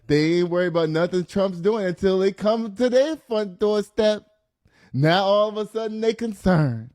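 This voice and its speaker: Casual reaction guy, slightly high voice, blunt. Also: moderate pace, darkish tone. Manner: incredulous, laughing, blunt. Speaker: commentator.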